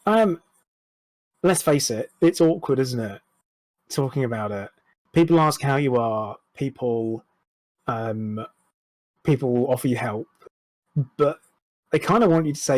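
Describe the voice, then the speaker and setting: A man's voice: medium pitch, expressive, unhurried, long pauses, a little mellow, no echo, poor audio. A man, speaking frankly and reflectively as a podcast guest, swearing now and then. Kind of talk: candid interview chat.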